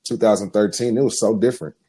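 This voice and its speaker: A man in his thirties from Oakland, a former football player chatting as a guest, relaxed and laughing often in loose slangy talk. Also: on the low side, fast, breathy edge. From Oakland, California. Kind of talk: casual interview chat.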